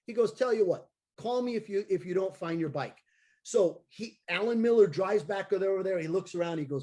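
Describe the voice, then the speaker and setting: High-voiced, excitable man telling stories. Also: brisk. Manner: excitable, acts out voices of people in his stories. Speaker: circus clown and daredevil guest. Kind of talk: animated storytelling in an interview. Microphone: video call.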